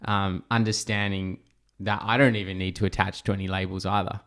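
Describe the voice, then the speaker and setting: A man, originally from England, hosting a podcast in a relaxed, hesitant way. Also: deep voice, brisk. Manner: relaxed, hesitant, many fillers. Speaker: podcast host. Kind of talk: casual podcast interview.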